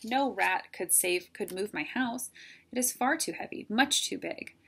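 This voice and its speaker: Storybook mouse mother: anxious, polite, husky tone, read by a woman. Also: mid-range voice, expressive, unhurried, a bit bright, exaggerated voice. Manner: earnest, polite and worried.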